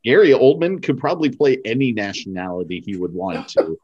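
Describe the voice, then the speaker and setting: A man's voice: lowish voice, sing-song, brisk, a little mellow, breathy edge, dull audio. A man co-hosting a podcast, talking earnestly and arguing his point. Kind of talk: casual chat.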